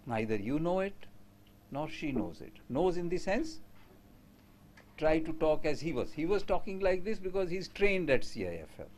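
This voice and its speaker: Man lecturing, slightly high voice. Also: very animated, normal speed, a little mellow, slight background noise. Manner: conversational, asks the audience questions. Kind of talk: lecture to teachers.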